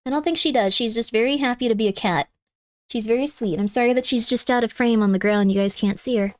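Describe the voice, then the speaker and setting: High-pitched woman streamer rambling to chat, dry close mic, kinda cooey with her cat. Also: fast talker, no echo. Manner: chatty, reads chat aloud, coos softly to her cat. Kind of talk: casual live-stream chat. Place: home room.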